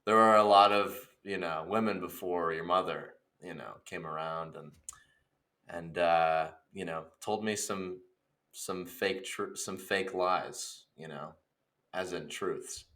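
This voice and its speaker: A man on a podcast spins a comic scene, with a lowish voice that is bright and forceful. He plays the characters and laughs often. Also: fairly even intonation, slow pace. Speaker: podcast co-host. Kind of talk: comedic improv storytelling.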